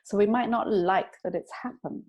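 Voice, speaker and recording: A woman guest, an EFT tapping practitioner, calmly explaining and walking through a technique. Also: medium pitch, moderate pace.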